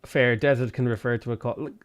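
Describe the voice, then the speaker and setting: A man's voice: medium pitch, fairly even intonation, fast talker. Irish man, Dublin accent, game streamer, chatty, cursing, exasperated outbursts. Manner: chatty, swears freely, bursts of exasperation. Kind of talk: live gameplay commentary.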